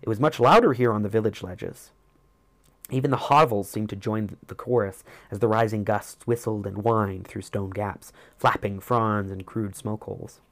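A man narrates a first-person story in a measured, reflective manner. His voice sits low, and the recording is dry and close with no room sound. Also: no echo. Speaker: audiobook narrator.

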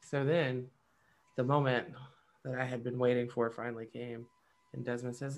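A woman's voice: extremely low pitch, flat delivery, normal speed, a little hiss or hum. A woman in her thirties telling funny stories about her kids in a casual podcast chat, swearing freely and acting out quoted voices. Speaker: podcast co-host.

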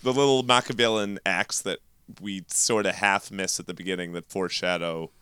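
A man's voice: low voice, normal speed, clean tone, dry recording. A young man co-hosting a movie podcast, joking and laughing as he riffs through a casual discussion. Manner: animated, joking, laughs often. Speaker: podcast co-host.

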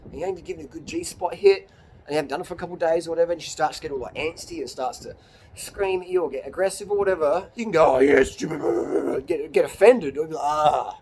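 A man with a slightly high, husky, somewhat mellow voice talks at a quick pace. He's a YouTuber on a cold evening in the hills, giving a rambling, blunt pep-talk rant peppered with swearing and laughter at his own jokes.

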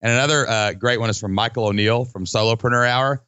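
A man hosting a podcast in casual chat, animated and folksy, acting out quoted people with big jumps in his voice. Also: medium pitch, fast, smooth, dry recording. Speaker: podcast host.

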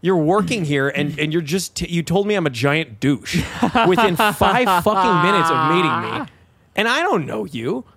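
A man's voice: a little high, moderate pace, dry recording. Young man telling a story, swearing. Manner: animated, swearing, acts out quoted voices. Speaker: podcast host. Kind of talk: casual storytelling chat.

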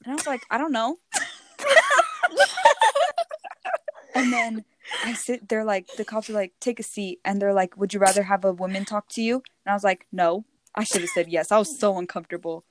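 A teenage girl telling a story in casual chat, animated and often laughing as she quotes others. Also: mid-range voice, fairly quick. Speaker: podcast co-host.

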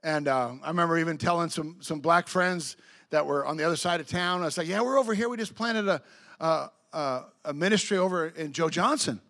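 A middle-aged man preaching a sermon as pastor, telling stories with excitable restarts and acting out the voices of people he quotes. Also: a little high. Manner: storytelling with acted-out quotes and laughter; excitable, many quick restarts.

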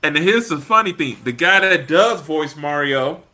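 A man hosting a casual show, talking in an animated way and laughing often. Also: a little high, a little slow. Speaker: podcast host. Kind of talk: casual chat.

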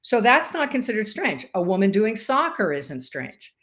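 A woman in her sixties, a podcast guest, telling stories in a lively interview chat and acting out what others said. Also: medium pitch, normal speed. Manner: animated storyteller who acts out quoted voices.

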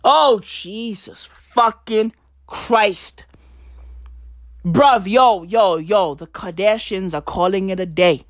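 A young woman doing a comedic rant, loud and manic, swearing a lot and swinging between shouts and mutters. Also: mid-range voice, slow, no echo, studio quality. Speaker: comedic vlogger.

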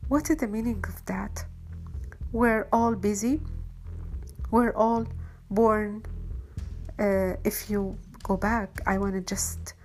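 A woman giving an unscripted, heartfelt monologue as an online broadcaster, earnest and halting, with frequent pauses and fillers. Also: mid-range voice.

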